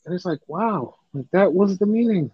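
Profane, animated male podcast host. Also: sits high, moderate pace, slightly rough, no echo, highs cut off. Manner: profane, animated storytelling with put-on quoted voices. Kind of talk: casual chat.

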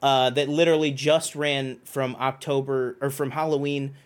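A man co-hosting a podcast, talking in a rambling, animated way with plenty of fillers and restarts. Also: medium pitch, normal speed, clean tone. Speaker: podcast co-host. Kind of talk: casual chat.

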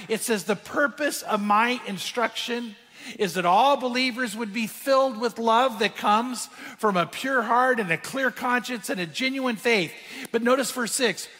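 A man preaching a sermon in a high, bright voice. Long reverb from the large hall rings behind him. He switches between hushed, intimate storytelling and raised, emphatic preaching. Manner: drops to a hushed, quiet voice when telling a moving story; rises to higher, emphatic preaching when making points. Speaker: pastor.

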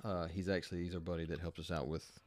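A man's voice: low-pitched, flat delivery, quick pace, a little mellow. A man co-hosting a podcast in casual, profane, joking chat. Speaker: podcast co-host.

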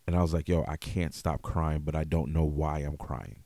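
A man hosting a podcast, talking openly in a relaxed way full of "yo" and "you know what I mean". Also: very deep voice, moderate pace, dry recording, studio quality. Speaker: podcast host. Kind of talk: casual podcast chat.

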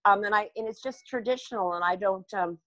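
A woman's voice: mid-range voice, fairly quick, pushed and bright, no echo, rough recording. An older woman talking earnestly as a podcast guest, rambling and restarting her sentences as she speaks. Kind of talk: candid podcast conversation.

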